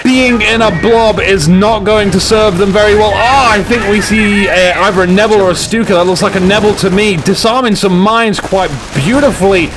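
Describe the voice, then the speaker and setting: A man shoutcasting a strategy game, excitable and jokey, with rambling asides to his viewers. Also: high-pitched, normal speed, few pauses, background noise. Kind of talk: live game commentary.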